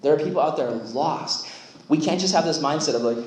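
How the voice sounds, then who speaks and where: Young man, youth sermon; chatty, animated, slightly high, echoey hall. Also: brisk. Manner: animated, filler-heavy talk with lots of "like". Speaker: youth pastor. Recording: roomy echo.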